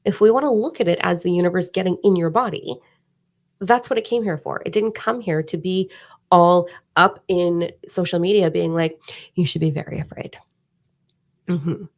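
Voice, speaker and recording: A woman hosting a casual spiritual live stream, animated and swearing freely. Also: lowish voice, gravelly. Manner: animated, swears freely, mock voices and whispers for effect.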